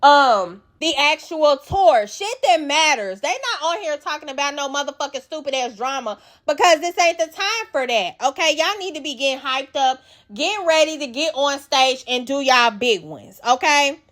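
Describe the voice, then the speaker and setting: A woman's voice: sits high, animated, normal speed, a bit bright. A woman host giving a blunt, profane, emphatic recap of a reality show episode. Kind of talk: casual recap commentary.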